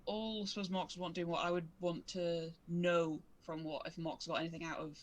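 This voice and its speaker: A woman's voice: on the low side, little pitch movement, a little fast. A woman player in a tabletop game, speaking tentatively and trailing off. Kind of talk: casual tabletop game chat.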